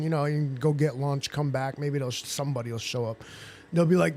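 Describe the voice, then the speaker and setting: A man's voice: a little high, brisk, dark tone. A man hosting a casual livestream chat, rambling and joking with plenty of swearing. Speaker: livestream host.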